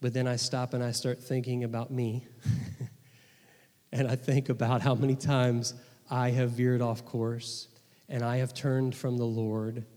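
A man's voice: medium pitch, little pitch movement, unhurried, mellow. Earnest male pastor in a reverberant hall. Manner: earnest, repeats words when restarting. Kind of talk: sermon.

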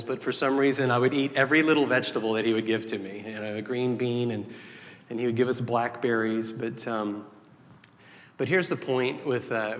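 A man's voice: mid-range voice, fairly bright tone. A man preaching a sermon as pastor, telling a joke and a story in a folksy way with many restarts. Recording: long hall reverb.

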